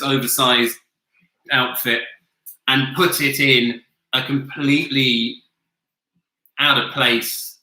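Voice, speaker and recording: A man's voice: medium pitch, pushed and bright, roomy sound, rough recording. A man hosting an online pub quiz from home, chatty and loose, swearing casually as he explains the rounds. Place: home, with a flatmate nearby.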